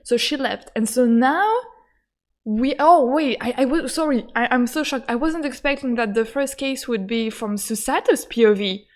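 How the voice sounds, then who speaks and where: A woman with a voice, commenting casually on a game she is streaming, excitable, stammering and laughing often. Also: fairly high pitch, moderate pace. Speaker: gaming streamer. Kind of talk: casual let's-play commentary.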